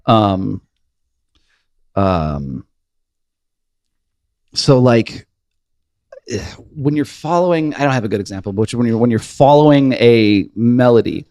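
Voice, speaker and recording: A man's voice: medium pitch, lively intonation, slow, pauses often, darkish tone, no echo, clean studio sound. A man co-hosting a music podcast, chatting casually about songwriting in a rambling way, full of fillers and restarts. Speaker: podcast co-host.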